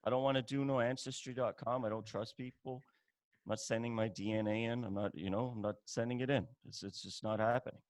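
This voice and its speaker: A man's voice: medium pitch, fairly even intonation, a little fast, a little mellow, no room sound. A man from Iran, a guest on a podcast, bantering with jokes and mock indignation in casual chat.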